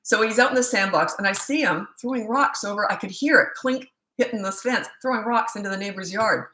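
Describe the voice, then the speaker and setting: Bright, animated woman parenting coach. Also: medium pitch, a little fast, reverberant, low-quality recording. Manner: animated storyteller, laughs often. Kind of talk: casual live Q&A chat.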